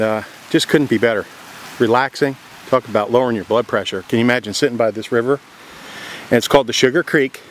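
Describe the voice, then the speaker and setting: There's a little hiss or hum behind this man's mid-range voice. A real estate vlogger, he gives a chatty, excited walking tour outdoors by a creek and inside a log cabin, speaking to the viewer and lowering to soft whispers indoors.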